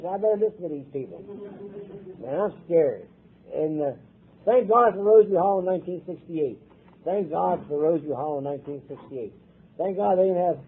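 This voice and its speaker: An older man from Ohio giving a blunt, profane personal testimony at a recovery meeting, with a husky voice. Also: high voice. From Ohio, USA. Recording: tinny lo-fi tape recording.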